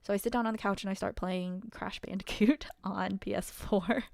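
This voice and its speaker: A woman's voice: mid-range voice, steady tone, normal speed, creaky, a little mellow, no echo, studio quality. A woman telling a personal story in a casual, wry way, full of fillers. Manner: chatty, wry, many fillers and laughs.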